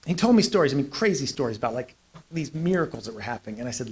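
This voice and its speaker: A middle-aged man giving a lecture, telling stories with jokes, emphatic asides and quick restarts. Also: medium pitch, very animated, darkish tone, a little hiss or hum. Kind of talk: lecture with anecdotes.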